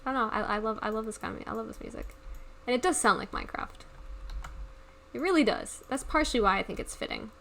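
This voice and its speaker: While livestreaming a block-building game, a woman rambles casually and laughs often, her fairly high, expressive voice moving at a quick pace. It's creaky with a fairly bright tone, and a faint hiss or hum can be heard.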